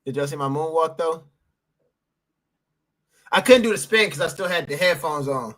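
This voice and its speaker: A man's voice: on the high side, animated, normal speed, a bit bright. A man reacting live on a stream, hyped and slangy, repeating himself and out of breath.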